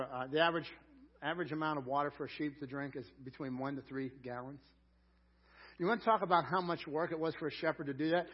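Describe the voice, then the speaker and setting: A man preaching a sermon in a conversational way, rising loud on scripture lines. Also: a little high, slightly rough, highs cut off. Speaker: pastor.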